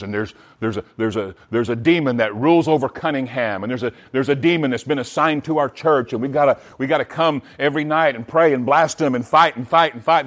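A man preaching a sermon in an animated way, often restarting his words. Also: medium pitch. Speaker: pastor.

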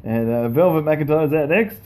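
A man's voice: fairly high pitch, moderate pace. A man co-hosting a casual wrestling podcast chat, jokey and talkative. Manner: chatty, jokey, animated.

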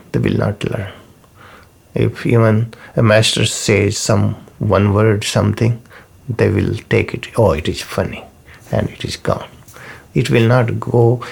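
Slow gravelly man teaching. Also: lowish voice, darkish tone. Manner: unhurried, repeats key terms, non-native phrasing. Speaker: spiritual teacher. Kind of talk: slow spoken teaching talk.

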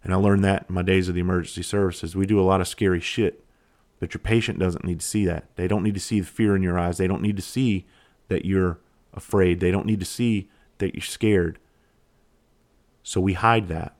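A man hosting a podcast, talking candidly and reflectively, blunt and quick to swear. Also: low voice, fairly even intonation, darkish tone. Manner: reflective, halting. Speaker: podcast host. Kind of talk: casual solo podcast monologue.

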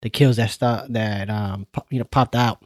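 A man's voice: on the low side, steady tone, normal speed, a little mellow, no room sound, studio quality. A man co-hosting a casual chat in a laid-back, profane way, often saying "man". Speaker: podcast co-host.

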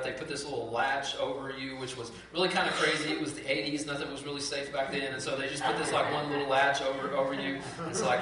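A pastor in his forties tells a story during his sermon, in a loose, animated voice full of asides. His voice sits fairly high and sounds bright and forceful. He is picked up from a distance in a very echoey hall, with a faint hiss behind him.

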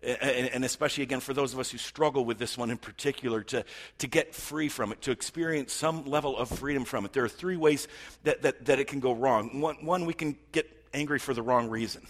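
A middle-aged male pastor delivers an earnest, conversational sermon, often tripping over his words and restarting. His voice is slightly husky and sits at an ordinary male pitch. A long reverb from a large church hall follows his speech. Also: a little fast.

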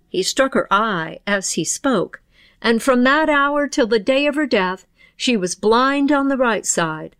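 A woman storyteller with a mid-pitched voice who tells an old folk tale in a measured, old-fashioned way. Her narration is recorded close and dry. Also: fairly bright tone, clear, resonant tone, no room sound. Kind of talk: storytelling narration, then reflective commentary.

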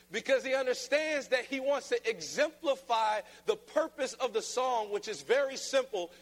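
A man preaching a sermon, playful and then emphatic, often mimicking flat reading voices. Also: extremely high pitch, moderate pace, hardly any pauses. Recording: long reverb of a large hall.

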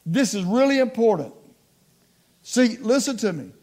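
A middle-aged man preaching a sermon, calling on the congregation to respond, slowing down to stress key words and dropping into quiet asides. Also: high voice, sing-song. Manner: call-and-response preaching, slows for emphasis, drops to hushed asides.

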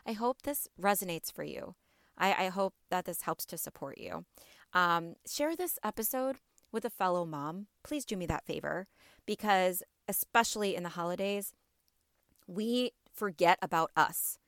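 Lady doing a self-care podcast, talks right to you, kinda low voice. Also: animated, normal speed, no echo, clean studio sound. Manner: warm encouraging, speaks directly to listener. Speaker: podcast host. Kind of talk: motivational wellness podcast.

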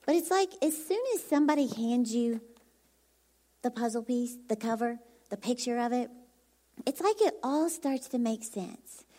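A woman's voice: a little high, animated, moderate pace, warm tone. A woman from Dallas with a Texan accent and a very youthful, childlike voice, preaching as a bubbly, chatty guest speaker who laughs often. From Dallas, Texas. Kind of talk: sermon.

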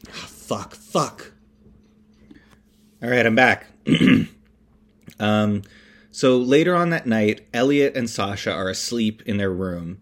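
A man hosting a podcast, recapping a film in a rambling, animated way, with many fillers, restarts and swear words. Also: mid-range voice. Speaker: podcast host. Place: indoors, construction noise nearby.

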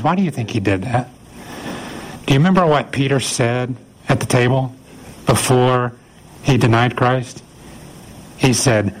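A man's voice: mid-range voice, unhurried, pauses often, slight background noise, rough recording. A man preaching a sermon in a conversational way, acting out the lines of the people in the story. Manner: conversational, acts out voices of biblical figures. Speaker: pastor.

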